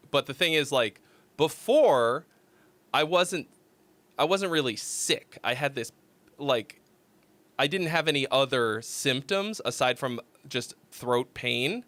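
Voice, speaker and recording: A man's voice: mid-range voice, lively intonation, slow, pauses often, fairly bright tone, dry recording. A congested man with a sick-sounding voice, giving loose, profane critique of listener songs on a casual livestream. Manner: loose, profane, rambling with fillers.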